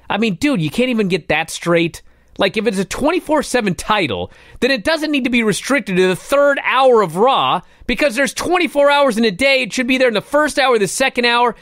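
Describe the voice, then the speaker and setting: A man's voice: high-pitched, fairly bright tone, no room sound, clean studio sound. A man hosting a talk radio show, ranting in a fired-up, exasperated way.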